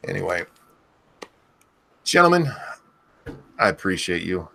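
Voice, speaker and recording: A man's voice: sits low, very animated, measured pace, vocal fry, sharp tone, slight background noise. A man hosting a casual online chat show, loose and rambling, thanking his audience and co-hosts. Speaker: podcast host.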